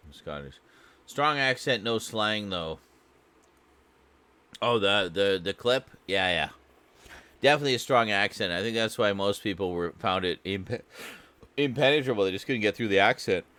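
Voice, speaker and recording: Low-voiced joking Canadian man. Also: animated, bright, forceful tone, clean tone. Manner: joking, rambling, quick to laugh. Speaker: reaction video host. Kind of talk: casual chat reacting to a clip.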